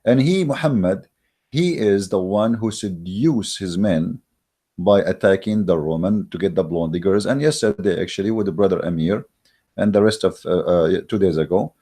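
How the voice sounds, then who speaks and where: Low, mellow-toned man for a combative polemic talk; scornful, mocking delivery, lots of "uh" and restarts. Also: moderate pace. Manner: scornful, mocking, emphatic with many fillers. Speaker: online religious debater. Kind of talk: heated polemical monologue. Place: recorded while in Germany.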